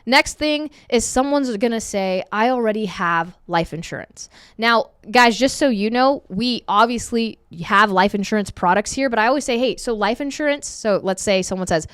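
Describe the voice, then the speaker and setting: Brief: woman sales trainer on a video call, smooth clear voice, casual coaching tone. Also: a little high, normal speed, few pauses, no room sound, clean studio sound. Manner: upbeat and conversational, acts out sample calls. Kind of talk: screen-share training session.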